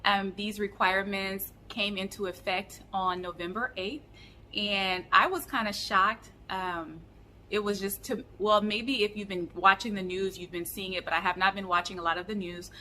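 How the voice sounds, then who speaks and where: A woman vlogger telling a story in a chatty, animated way with many fillers. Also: mid-range voice, moderate pace, a little hiss or hum. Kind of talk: casual storytelling vlog.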